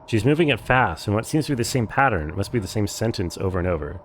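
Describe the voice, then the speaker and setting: Talking fast with a fairly low, gravelly voice and barely pausing, a young Californian streamer chats about his game. He's relaxed and chatty, dropping "like" often, with a bit of background noise.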